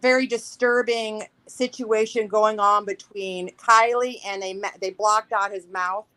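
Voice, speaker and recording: A woman's voice: mid-range voice, steady tone, a little slow, sharp tone, clean tone, rough recording. Emotional rambling woman caller. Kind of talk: casual call-in chat.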